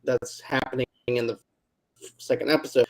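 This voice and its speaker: A man appearing as a guest on a podcast, talking in an unhurried, rambling way with lots of fillers. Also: mid-range voice, steady tone, poor audio. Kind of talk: casual chat.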